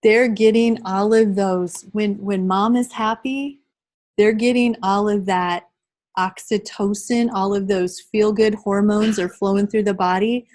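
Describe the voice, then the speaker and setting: A woman's voice: mid-range voice, steady tone, unhurried, a little mellow, rough recording. A middle-aged woman leading a live training workshop, talking conversationally and addressing the group directly.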